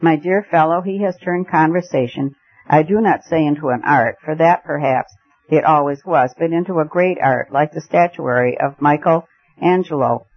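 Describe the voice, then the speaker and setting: A man's voice: on the high side, close to an everyday voice. A man playing a gushing, flustered old lord. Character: excitable elderly male aristocrat host. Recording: muffled lo-fi recording.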